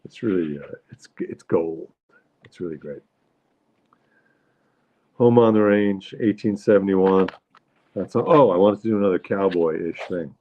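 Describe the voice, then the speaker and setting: A man's voice: deep voice, measured pace, pauses often, phone-quality sound. A man hosting a livestream, chatting casually and rambling in an easygoing way, greeting viewers often. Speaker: livestream host.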